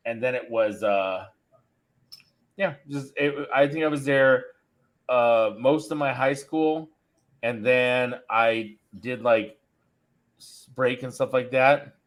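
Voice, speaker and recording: A middle-aged man hosting a podcast, telling a long story in a rambling, self-interrupting way. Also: medium pitch. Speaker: podcast host. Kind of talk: casual chat.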